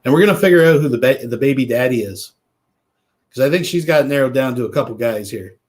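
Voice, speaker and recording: A man's voice: mid-range voice, lively intonation, fast, darkish tone. A man hosting a commentary video, talking in a wry, offhand way and swearing casually. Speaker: commentary host.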